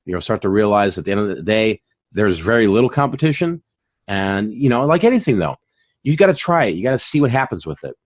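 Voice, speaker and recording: Animated, chatty man, dry close sound. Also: fairly low pitch, brisk, dry recording, lo-fi sound. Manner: animated, chatty, full of fillers and repeats. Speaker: channel host and online reseller. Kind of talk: casual chat on a live stream.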